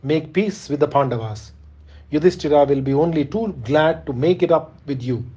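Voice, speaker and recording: An old, grieving warrior-teacher, read by a man in an audiobook of an epic, imploring his king with earnest urgency. The voice sits slightly high and mellow, heard through a dull, lo-fi recording. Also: normal speed, husky. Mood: pleading.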